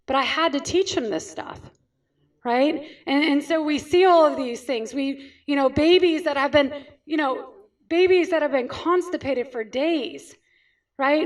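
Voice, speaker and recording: A woman from California with a high voice, speaking as a chiropractor to a group. She tells stories and asks questions she then answers, checking in often with "right?". She is heard from some distance off the mic. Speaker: chiropractor giving a talk. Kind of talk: storytelling talk to an audience.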